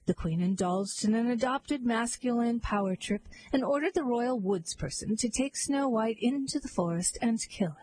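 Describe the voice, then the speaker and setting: A woman narrating a fairy tale in a wry, deadpan way. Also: medium pitch, a little hiss or hum, poor audio. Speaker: storyteller. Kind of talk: scripted narration.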